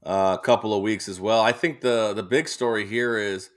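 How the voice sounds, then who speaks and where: A man's voice: fairly low pitch, steady tone, normal speed. A man co-hosting a sports radio show, rambling through betting picks with lots of fillers and easy laughs. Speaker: co-host. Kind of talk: casual sports betting chat.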